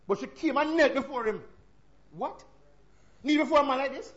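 A man with a Jamaican accent preaching a sermon, swinging between loud emphatic passages and hushed asides. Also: very high-pitched, expressive, a little fast, lo-fi sound.

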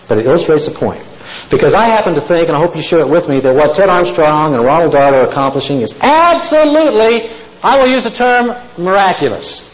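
Preacher, male, high voice, folksy storyteller, dull lo-fi tape. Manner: folksy storytelling, asks the congregation questions. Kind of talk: sermon.

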